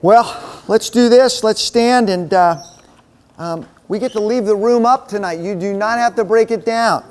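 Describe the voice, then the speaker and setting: Animated man preaching to a men's group. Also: high voice, a little slow. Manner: animated, chatty storyteller who drops to a hushed voice. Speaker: men's ministry speaker. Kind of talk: storytelling sermon to a men's group. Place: meeting room with a live audience.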